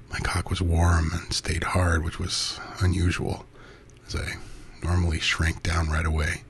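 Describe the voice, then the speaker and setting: A man narrating an intimate first-person erotic story in a soft, breathy voice that often drops to a half-whisper. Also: low-pitched, completely flat delivery, a little slow, slight background noise.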